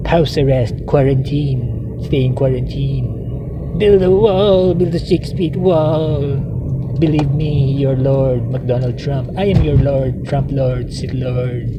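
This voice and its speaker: Guy doing a bragging fake president voice, slow and taunting, lots of street noise. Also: medium pitch, close to an everyday voice. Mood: mocking. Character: mocking impression of a blustering male president.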